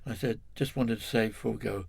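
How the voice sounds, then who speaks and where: An older Englishman recounting an old story to an interviewer, wandering and correcting himself as he goes. His voice is gravelly and slightly husky. The sound is close and dry. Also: on the low side, fairly even intonation, fast, a little mellow, dry recording. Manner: rambling, self-correcting, chuckling storyteller. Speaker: guest.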